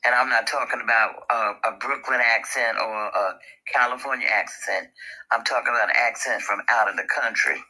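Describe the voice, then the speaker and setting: Bright, chatty older woman telling stories. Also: a bass voice, fairly even intonation, moderate pace, husky, rough recording. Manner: chatty, tells anecdotes directly to the listeners. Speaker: guest on podcast. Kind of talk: casual storytelling.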